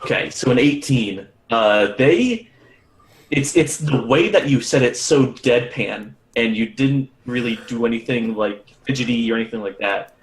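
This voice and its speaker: A man's voice: medium pitch, a little slow. A man narrating as game master of a tabletop game in a casual, profane, laughing way. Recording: echoey room.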